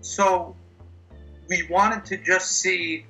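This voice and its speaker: A man speaks as a guest on a sports podcast, in a very bright, sharp voice pitched a bit high. He talks in an animated, enthusiastic way with the odd joke. Faint music sits behind him. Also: very slow, poor audio. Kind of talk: casual podcast interview.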